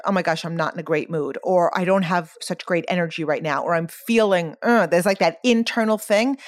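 A woman's voice: medium pitch, no echo, clean studio sound. A woman hosting a motivational podcast, talking earnestly and emphatically and firing off many rhetorical questions. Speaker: podcast host.

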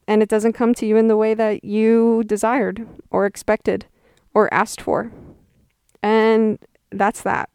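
A woman's voice: medium pitch, a little mellow, smooth, dry recording, clean studio sound. A young woman in her twenties hosting a podcast, telling a story in a chatty, wry way and quoting people in exaggerated voices. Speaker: podcast host. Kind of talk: casual storytelling monologue.

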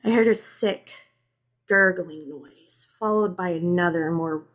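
A woman reading a first-person horror story in a slow, deliberate, suspenseful manner. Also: on the low side, fairly bright tone. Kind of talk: scripted horror narration.

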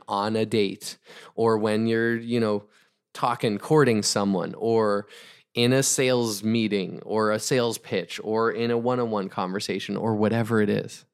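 A man's voice: on the low side, smooth. Fired-up man preaching sales. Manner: energetic, emphatic, repetitive preaching. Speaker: podcast host, entrepreneur. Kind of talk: motivational talk.

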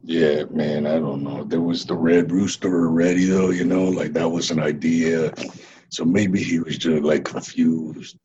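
A man's voice: a bass voice, level tone, a little slow, highs cut off, background noise. A man playing a laid-back Mexican ex-wrestler who hatched from an egg, drawling and saying "man" constantly in a comedy interview. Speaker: interview guest.

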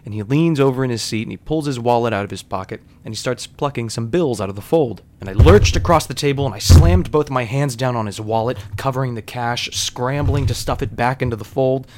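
A young adult man hosting a podcast, telling a personal story in a candid, wry, conversational way, with lively quoted lines and dramatic slowdowns. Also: mid-range voice, a little hiss or hum. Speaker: podcast host. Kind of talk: storytelling monologue.

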